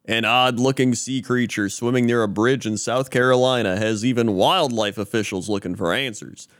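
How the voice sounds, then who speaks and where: Speaking at medium pitch and a moderate pace, a man co-hosts a podcast and delivers fake sports and news pieces. He keeps it relaxed, laughs frequently, and stumbles now and then while reading the stories aloud.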